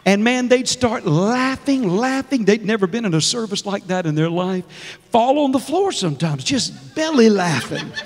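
In a church sanctuary with long reverb, a middle-aged guest preacher delivers an exuberant sermon full of laughter and calls to the congregation. His high-sitting voice is expressive and keeps a moderate pace.

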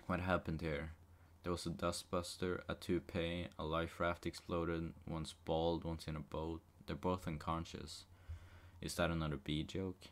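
Deep-voiced guy droning through a whole movie script, no expression at all. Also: unhurried. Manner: monotone, unexpressive. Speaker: script reader. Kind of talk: deadpan comedic script reading.

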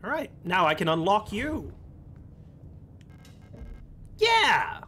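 A man's voice: on the high side, very animated, moderate pace, a bit bright, a little hiss or hum. A man hosting a gaming video, rambling playfully and swearing freely as he plays. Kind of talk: let's play commentary.

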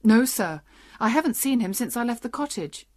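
A woman's voice: on the high side, lively intonation, normal speed, pitched above the performer's own voice. A woman reads a polite, frightened little man in a storybook. He explains himself earnestly and plainly.

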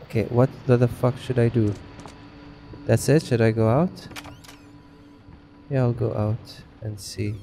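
A man narrating his horror game playthrough in an unhurried drawl. His voice is mellow and dark, and he swears freely and pokes fun at himself. A faint hum of ambience sits behind him. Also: mid-range voice, steady tone, creaky. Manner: rambling, swears constantly, self-mocking. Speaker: gamer. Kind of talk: casual let's play commentary.

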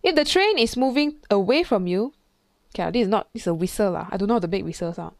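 A woman's voice: medium pitch, lively intonation, fast talker, dry recording, studio quality. A woman physics tutor, talking through an exam question in a chatty way, thinking aloud and imitating sounds. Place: classroom.

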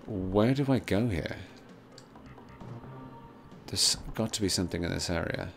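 A man's voice: deep voice, unhurried, creaky, soft background music. A man hosting a casual let's play, rambling with lots of fillers and swearing. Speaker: gaming channel host.

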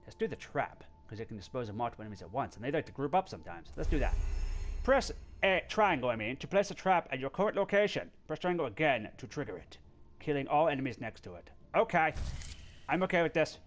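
A man's voice: medium pitch, animated, quick pace, a little hiss or hum. A man giving playful let's-play commentary, talking to the game and breaking into squeals and laughs. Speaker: gameplay video host.

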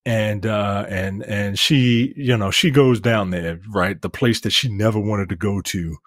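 A man co-hosting a film review podcast in casual chat, retelling scenes in a profane and animated way. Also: lowish voice, a little slow, no echo, studio quality.

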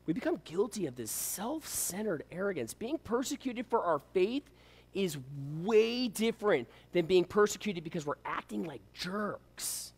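A man's voice: high-pitched, very animated, unhurried, husky. A man preaching a sermon as a pastor, pressing his listeners with rhetorical questions.

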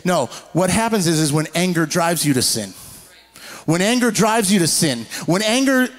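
A man preaching a sermon in an animated way, slowing down to read scripture and acting out quoted people. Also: sits high. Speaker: pastor.

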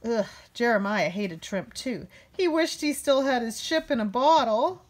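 A woman reads a children's picture book aloud. Her voice sits high and swings widely in pitch as she brings the characters to life with raised voices. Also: expressive, unhurried. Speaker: storybook reader.

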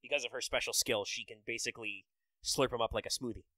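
A man's voice: mid-range voice, steady tone, fast, bright, forceful tone, no echo, poor audio. A man hosting a casual podcast, enthusiastically breaking down game details with many fillers. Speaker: podcast host. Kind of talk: casual podcast chat about a mobile game.

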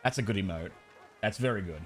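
A man's voice: lowish voice, fast, faint music behind. A man streaming a game, chatting casually, swearing often and laughing a lot. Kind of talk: casual gaming stream chat.

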